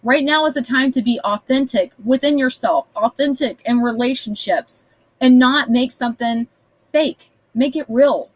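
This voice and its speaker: A woman's voice: high-pitched, normal speed, low-quality recording. A woman giving a casual tarot reading to camera at home, chatty and blunt, swearing now and then. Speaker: tarot reader. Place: small house, indoors.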